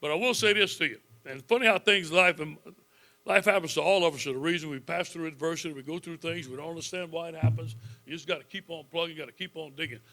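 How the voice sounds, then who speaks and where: A man's voice: fairly high pitch, quick pace. A man in his fifties, a football coach, telling folksy stories in a speech to a club audience, chuckling often. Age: 50s. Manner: folksy, animated storytelling with frequent chuckles.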